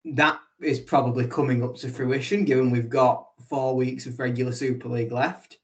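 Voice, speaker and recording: A man's voice: mid-range voice, flat delivery, moderate pace. A man co-hosting a casual sports podcast, teasing his co-host and working through theories in a wry, analytical way. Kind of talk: casual chat.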